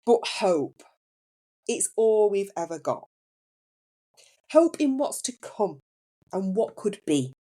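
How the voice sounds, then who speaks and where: A woman's voice: medium pitch, very animated, slow, pauses often, dark tone. A woman hosts a podcast and tells a personal story in a candid, conversational way. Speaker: podcast host.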